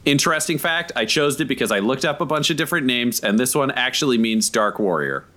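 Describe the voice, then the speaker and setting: A man playing in a tabletop game, joking and quick with comments. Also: mid-range voice, animated, pushed and bright. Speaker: player. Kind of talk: casual chat at a tabletop game.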